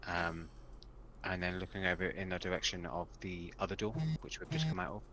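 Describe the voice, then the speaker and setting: A man playing a tabletop game, describing his character's actions in an unhurried, hesitant way. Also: low voice, steady tone, bright, forceful tone, a little hiss or hum, low-quality recording. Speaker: player.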